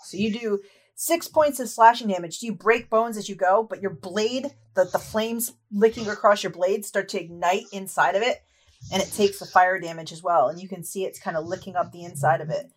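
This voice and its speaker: A woman narrates a tabletop fantasy game as its game master, describing every charge and claw. Her delivery is lively and descriptive, with quick laughs between rolls. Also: mid-range voice.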